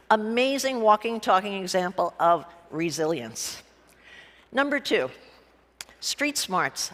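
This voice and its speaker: Woman speaker, mid pitch, blunt and funny, a touch crude, on a conference stage with a long hall echo. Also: fairly bright tone. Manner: blunt and joking, with casual profanity. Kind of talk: humorous storytelling talk. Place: conference stage before a live audience. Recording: reverberant hall.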